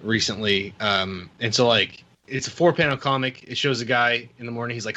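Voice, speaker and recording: A man's voice: medium pitch, fairly even intonation, a little fast, pushed and bright. A man co-hosting a podcast, rambling through casual movie talk with restarts and crude jokes. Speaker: podcast co-host.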